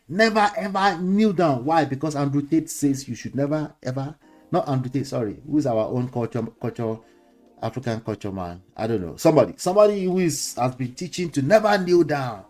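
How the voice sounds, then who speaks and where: A man's voice: mid-range voice, darkish tone. Chuckling Nigerian man lecturing casually. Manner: lecturing, chuckling, mixes in pidgin slang. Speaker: host. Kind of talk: casual commentary monologue.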